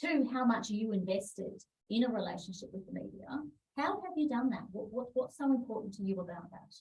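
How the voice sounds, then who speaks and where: A woman's voice: on the high side, animated, fairly quick, darkish tone. A woman hosting an interview, affirming her guest and asking about goals. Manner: affirming, frequent murmured agreement. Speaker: interviewer host. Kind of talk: conversational interview. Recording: distant from the mic.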